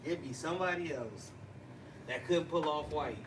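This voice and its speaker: A man hosting a casual livestream chat, chatty and excitable, laughing and teasing as he talks. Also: fairly high pitch, moderate pace. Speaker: livestream host. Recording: distant mic with noisy background.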